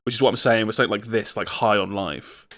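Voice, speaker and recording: A man's voice: lowish voice, fast, fairly bright tone. A man co-hosting a gaming podcast, talking casually and reasoning his points aloud. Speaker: podcast co-host. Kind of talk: casual chat.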